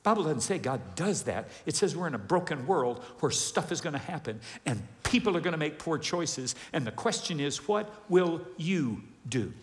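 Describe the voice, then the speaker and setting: A man preaching a sermon to a congregation, animated, asking questions and acting out voices. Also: a little high, moderate pace, few pauses. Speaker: pastor. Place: large church hall with congregation. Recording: long hall reverb.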